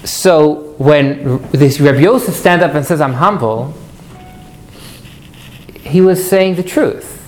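A man teaching a live class, animated and jokey, putting questions to his students. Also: a little high, slow, pauses often.

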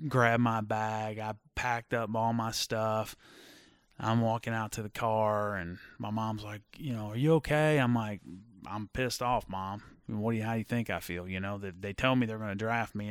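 A man's voice: fairly low pitch, no room sound. Man telling stories with dry close sound. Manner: animated storyteller with many fillers. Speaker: guest, former football player. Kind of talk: casual storytelling.

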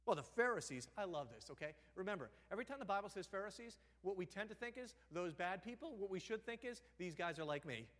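A man preaching a sermon as a pastor, telling the story with animation, acting out the characters' lines and sometimes dropping to a hushed, near-whispered voice. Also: high voice, expressive, fast, few pauses, in a large hall. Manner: drops to a hushed, almost whispered voice for effect. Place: church sanctuary.

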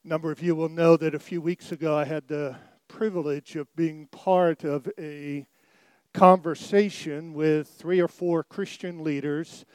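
A middle-aged man delivers a sermon in a smooth, clear voice that sits fairly high, recorded dry and close with no room sound. He takes his time, swelling to loud emphatic lines and then falling to near-quiet phrases. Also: no room sound. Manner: swings between loud emphatic peaks and quiet, dropped phrases. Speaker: pastor.

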